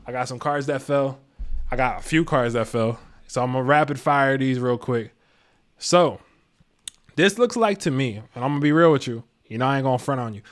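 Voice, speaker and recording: A man giving a casual live tarot reading, slangy and laid-back, chuckling to himself. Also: medium pitch. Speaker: tarot reader and astrologer.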